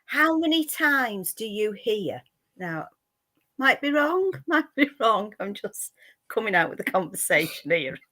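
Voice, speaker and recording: A woman's voice: medium pitch, big pitch swings, a little slow, bright, forceful tone. A woman co-hosting a podcast in casual chat, laughing often and spinning what-if scenarios. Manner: storytelling, laughing, hypothetical musings. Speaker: podcast co-host.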